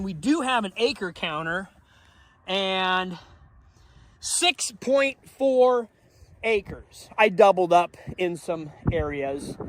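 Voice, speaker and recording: A man's voice: sits high, fairly bright tone, slight background noise. A middle-aged man, a farmer, chatting casually outdoors in his fields, explaining his work as he goes and drifting off topic. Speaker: farmer vlogger. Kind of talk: casual outdoor farm vlog.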